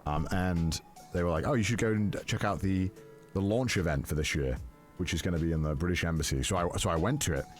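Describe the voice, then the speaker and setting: Man, low voice, casual rambling chat, fillers and restarts, faint music behind. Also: fairly quick. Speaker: YouTuber host.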